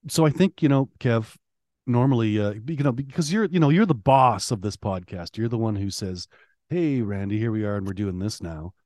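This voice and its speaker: A man's voice: mid-range voice, expressive, darkish tone, dry recording. A man co-hosting a music podcast in casual chat, teasing and swearing, often restarting his sentences. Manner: profane, teasing, halting with many restarts. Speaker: podcast co-host.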